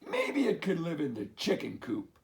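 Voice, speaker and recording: A man voicing a herd of slow, grumbling farm cows in a storybook read-aloud. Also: on the high side, sing-song, pitched above the performer's own voice.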